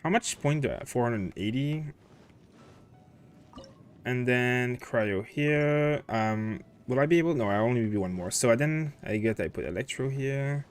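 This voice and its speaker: A man's voice: medium pitch, animated, unhurried. A man hosting a casual gaming livestream, thinking aloud as he plays and answering chat questions with plenty of fillers. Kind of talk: casual livestream commentary while playing.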